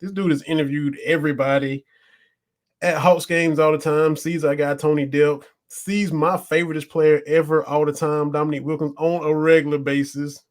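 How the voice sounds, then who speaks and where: A man's voice: a little high, little pitch movement, normal speed. A man hosts a casual podcast in a slightly raised voice. He sounds easygoing and introduces his guest with enthusiasm. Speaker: podcast host.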